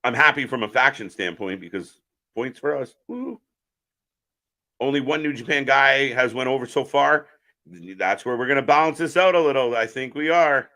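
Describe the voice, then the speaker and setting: Male stream host, bright, forward voice, loose chatty commentary while reading out chat. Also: mid-range voice, normal speed. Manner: chatty, answers viewer chat while calling the action. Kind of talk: casual live wrestling watch-along commentary.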